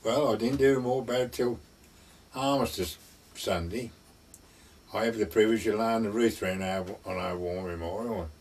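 A man's voice: fairly low pitch, normal speed, a little mellow. An older man, telling an anecdote in a rambling way, full of "I said, he said". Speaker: interviewee. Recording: distant mic, husky.

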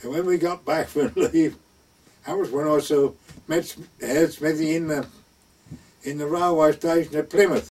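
A man's voice: fairly high pitch, fairly even intonation, a little slow, darkish tone, recorded from a distance. Older man telling old sea stories. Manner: rambling anecdotal, acts out quoted speech. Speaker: interviewee recounting wartime service at sea. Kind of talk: oral history storytelling.

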